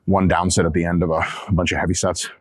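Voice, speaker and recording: A man's voice: sits low, level tone, fast, dry recording. A man hosting a fitness vlog, chatting casually between sets in a gym, profane, joking and rambling. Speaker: fitness channel host.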